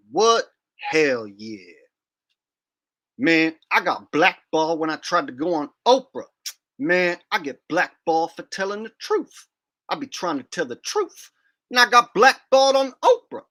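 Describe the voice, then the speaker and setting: A man's voice: on the high side, sharp tone, heavily acted. A man doing an impression of a brash, foul-mouthed male rapper, talking in clipped slang with a swagger.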